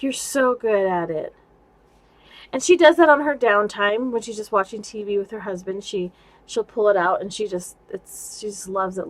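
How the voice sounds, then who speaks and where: A woman's voice: mid-range voice, rough recording. Gushing woman showing craft gifts. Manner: gushing and excitable, laughs often. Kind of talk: casual show-and-tell vlog.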